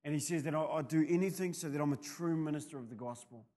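Man, new zealand accent, sermon, rambling stories, loud emphatic peaks, slightly high voice. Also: fast. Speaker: pastor.

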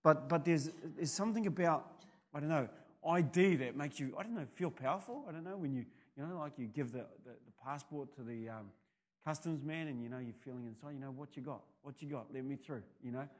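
A male pastor with a New Zealand accent preaching a sermon, telling rambling anecdotes that build to loud, emphatic peaks. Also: a little high, a little fast.

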